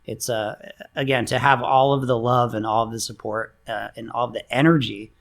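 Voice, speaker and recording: A middle-aged man, a guest co-owning a music venue, talking in a relaxed, halting way with many fillers, lively when telling stories. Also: medium pitch, vocal fry. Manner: relaxed, halting, full of fillers, animated in anecdotes. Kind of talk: casual interview chat. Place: room by an open window on a busy street.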